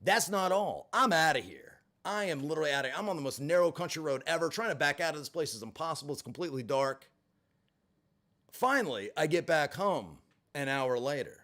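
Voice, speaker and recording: On his vlog, a man with a fairly high voice relays a personal experience at a fairly quick clip. Expect frequent cursing, sarcastic asides, and an expressive, animated delivery.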